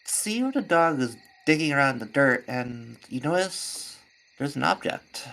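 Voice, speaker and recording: A woman's voice: extremely low pitch, lively intonation, measured pace, creaky, fairly bright tone, slight background noise. A woman game master describing the scene in a tabletop game, in a casual tone with small fillers.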